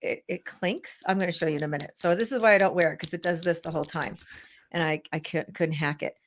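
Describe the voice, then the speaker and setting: A woman co-hosting a relaxed talk show, with a voice that sits slightly low. She is warm and encouraging and drags out some phrases as she thinks. Her talk is casual, with restarts along the way. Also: fast, slight background noise. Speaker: podcast co-host. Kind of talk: casual chat.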